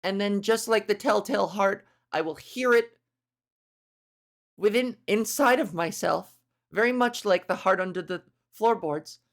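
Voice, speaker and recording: A woman podcast host doing a comedic monologue, crude and animated, acting out little scenes. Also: medium pitch, measured pace. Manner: animated, crude, acts out voices.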